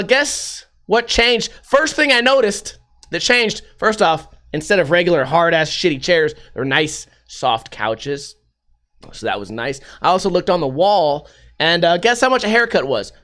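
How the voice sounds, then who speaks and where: A man's voice: high voice, sharp tone. A man hosting a podcast, rambling through a casual, sarcastic and profane monologue. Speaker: podcast host.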